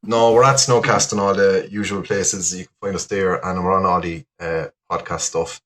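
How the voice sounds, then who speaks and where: Young Irish man, low-ish voice, rambling casual podcast guest. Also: steady tone, moderate pace, a bit bright. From Ireland. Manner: rambling, laughs often, many fillers. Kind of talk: casual chat.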